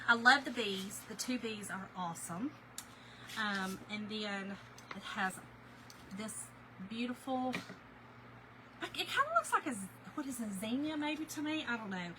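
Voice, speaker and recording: A woman's voice: on the high side, lively intonation, measured pace, pauses often, noisy background. A woman from Kentucky hosting a casual craft live stream, chatting to viewers by name as she works. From Kentucky, USA. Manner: chatty, talks to viewers by name and says y'all.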